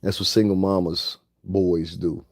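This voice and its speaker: Man, vlogger, very low voice, gravelly, profane taunting rant. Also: little pitch movement, measured pace, no echo, clean studio sound. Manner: profane and taunting, breaks into laughter. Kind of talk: confrontational rant.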